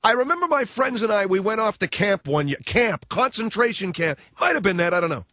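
A man's voice: high voice, expressive, brisk, sharp tone, no echo, voice pushed up. A man voicing an evasive elderly former camp guard who answers meekly and feigns innocence, on a dull radio broadcast. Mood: sheepish. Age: older.

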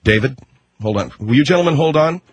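A man hosting a radio talk show, reading plugs in a brisk, mock-earnest pitchman patter. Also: expressive, slightly rough, dry recording.

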